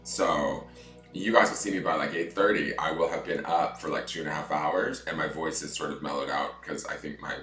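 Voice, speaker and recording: Very deep-voiced man, chatty livestream. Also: steady tone, brisk, a bit bright, reverberant, soft background music. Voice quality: deep morning voice. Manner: chatty, reads viewer comments aloud. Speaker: tarot reader. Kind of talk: livestream chat and guided breathing meditation.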